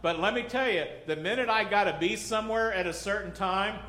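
A middle-aged pastor preaching a sermon in a loose, conversational way, joking, acting out little scenes and asking the congregation questions. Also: male voice, high voice, a little fast, sharp tone. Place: church sanctuary. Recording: echoey church hall.

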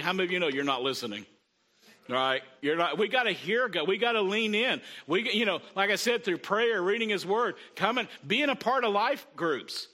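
Bright high-voiced preaching man. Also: expressive, moderate pace. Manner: conversational preaching with frequent "Amen?" call-outs. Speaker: pastor. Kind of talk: sermon.

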